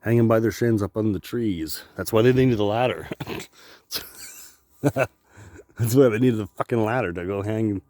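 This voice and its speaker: A man's voice: on the low side, unhurried, long pauses, darkish tone, dry recording, studio quality. A man rambling through a joking, profane solo monologue, laughing often. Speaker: vlogger.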